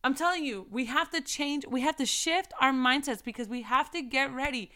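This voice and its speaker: A young woman gives a casual devotional talk with fervent, emphatic delivery. She circles back on key phrases and stresses them again and again. Her voice sits high, with a bright and smooth tone. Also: moderate pace.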